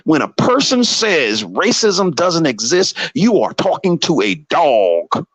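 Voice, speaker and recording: A man talking casually on a live stream, animated and heated, repeating himself as he makes his point. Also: a little high, slow pace, no room sound. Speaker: guest on a live show.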